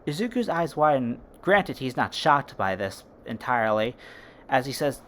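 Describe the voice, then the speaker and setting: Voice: medium pitch, big pitch swings, moderate pace. A fan storyteller narrating casually, with informal chatty asides to listeners.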